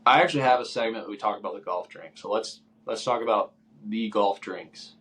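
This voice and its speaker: A young man with a somewhat low voice talks casually as a podcast co-host. He rambles through his stories, quoting himself and others along the way. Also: a little fast, a bit bright. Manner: rambling storyteller, acts out his own quoted lines. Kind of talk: casual chat.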